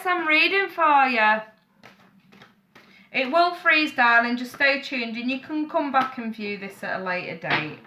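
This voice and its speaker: Against a noisy background, a woman with a mid-range voice hosts a live-streamed tarot reading. Chatty and frank, she calls viewers darling and sweetheart and gives blunt advice, swearing as she goes.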